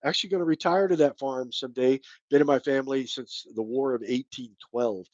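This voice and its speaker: A man's voice: mid-range voice, brisk, darkish tone, no echo, lo-fi sound. A middle-aged man from Kentucky with a light Kentucky accent, hosting a casual live stream chat in a rambling, folksy way. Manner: rambling, folksy, thanks viewers by name. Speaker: channel host.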